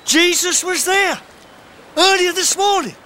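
Keen cartoon lackey, very high, crisp bright tone. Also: male voice, unhurried, slight background noise, full character voice. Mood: eager.

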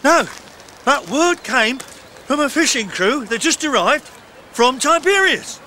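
A man's voice: extremely high pitch, very animated, slow pace, pushed and bright, slight background noise, exaggerated voice. An actor playing an eager henchman reporting news.

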